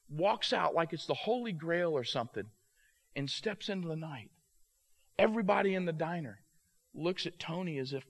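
Guy preaching with a story, kinda high voice, super animated, trips over his words a lot. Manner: animated storyteller, acts out the characters; halting restarts, repeated words. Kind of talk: sermon storytelling.

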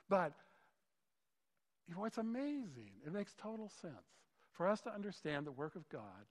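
A fairly high-voiced man preaching to his congregation. He talks in a relaxed, conversational way and slips into quick back-and-forth dialogue, with a long reverb from the church hall around him. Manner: conversational, acts out skeptical dialogue. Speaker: pastor. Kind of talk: sermon.

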